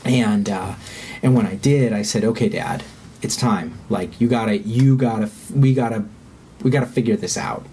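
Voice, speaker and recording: A man who is a podcast guest, telling a candid personal story in an earnest, halting way and swearing when heated. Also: fairly low pitch, warm tone, slight background noise.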